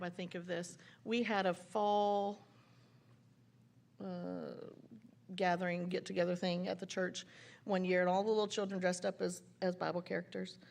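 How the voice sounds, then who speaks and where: A woman's voice: medium pitch, gravelly. Woman preaching at a church conference. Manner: animated, laughs while telling stories. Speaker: women's conference speaker. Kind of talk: sermon with scripture reading and storytelling.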